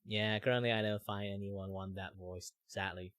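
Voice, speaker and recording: A man's voice: normal speed, no echo, studio quality. A man from Malaysia with a Malaysian accent, whose first language is Chinese, chatting casually as a vtuber streamer. He talks loosely with many fillers. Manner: switches between a higher voice and a deep relaxed voice. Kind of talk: casual chat.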